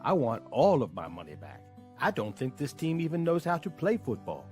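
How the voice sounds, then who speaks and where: A man plays a joyless cartoon sports fan who talks in stiff, formal sentences with no contractions. His pitch swings widely even while he complains. A light bed of music runs under him. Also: normal speed, close to an everyday voice. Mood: gloomy complaining. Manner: stilted, flat formal phrasing without contractions. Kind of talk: cartoon monologue.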